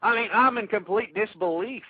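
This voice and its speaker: A man's voice: high voice, normal speed, breathy edge, no room sound. Ranting man on tinny talk radio. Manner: ranting, insulting, stammering restarts. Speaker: radio talk show host. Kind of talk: angry political talk radio rant. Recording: tinny phone-like radio audio.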